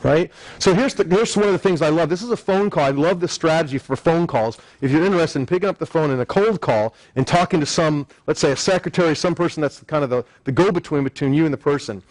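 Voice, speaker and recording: A man's voice: a little high, fast talker, hardly any pauses, no echo, low-quality recording. A man teaching a live sales seminar, acting out phone calls in quoted voices as he explains. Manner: animated, acts out phone lines in quoted voices. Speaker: NLP sales trainer.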